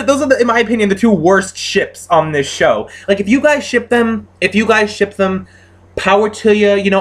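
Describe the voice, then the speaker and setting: A young man giving a casual, exasperated rant reviewing a TV episode, swearing freely and exclaiming often. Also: sits high. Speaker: TV show reviewer.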